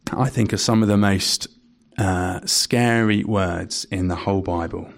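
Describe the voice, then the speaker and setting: A young man preaching a sermon in a conversational, anecdotal way, with frequent fillers. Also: lowish voice.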